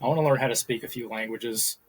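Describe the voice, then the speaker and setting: A man's voice: mid-range voice, fast talker, slight background noise. A man co-hosting a casual podcast, playful and often laughing. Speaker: podcast co-host.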